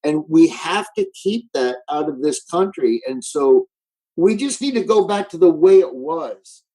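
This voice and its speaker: A comedian guest talking remotely in casual chat, ranting emphatically. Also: male voice, a little high, lively intonation, unhurried, warm tone, breathy edge, rough recording. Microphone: remote call.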